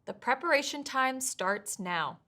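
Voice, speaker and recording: A woman with a fairly high voice gives scripted test prep lessons. She speaks in a clear, measured, encouraging way, walking through each tip step by step. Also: animated, bright, forceful tone. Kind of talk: scripted instructional narration.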